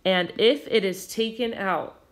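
A woman teacher explaining a recorded grammar lesson patiently and clearly, with occasional fillers. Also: mid-range voice, unhurried.

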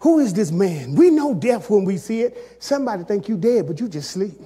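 A man preaching a sermon as pastor, calling out to the congregation and swinging between loud shouts and hushed, quiet passages. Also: sits high, very animated, moderate pace, slight background noise.

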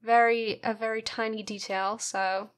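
A woman's voice: on the high side, little pitch movement, measured pace, clean tone. A woman narrating her painting in a casual voice-over, playful and self-mocking, sleepy from having just woken up.

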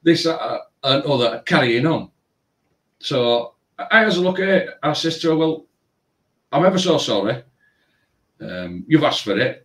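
This tattoo shop owner's voice is a little high, and he speaks at a measured pace with frequent pauses. He recounts a long, rambling story full of filler phrases, animated but casual, captured roomy on a distant mic.

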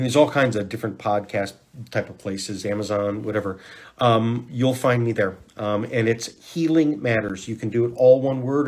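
A man hosts a natural health podcast in an easy, rambling way. His voice is somewhat husky and sits at a middling pitch. When he guides breathing exercises, he sinks into quiet counting and gentle shushing. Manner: rambling and conversational, with hushed counting and shushing during breathing guidance. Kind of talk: casual health podcast talk.

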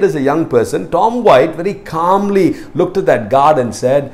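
A male pastor delivers a sermon, stacking repeated phrases as he builds. His pitch is lively and sits fairly high for a man. He speaks with strong, rising emphasis. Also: moderate pace, hardly any pauses. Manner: emphatic, repetitive, building in intensity.

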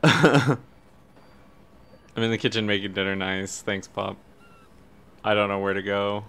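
A man's voice: lowish voice, little pitch movement, moderate pace, a bit bright, clear, resonant tone. A man streaming a horror game live, commentating and swearing, yelping when startled.

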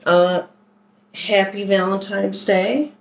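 Poor audio carries a creaky, steady, medium-pitched woman's voice. She's a Philadelphia vlogger doing a casual haul video, chatting without hurry as she unpacks each item.

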